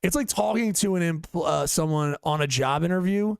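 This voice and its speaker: A man with a gravelly, slightly high voice, rambling through a casual podcast story, swearing often and piling up fillers. He is close to the mic in a dry room with no echo. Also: normal speed. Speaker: podcast co-host. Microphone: studio podcast mic.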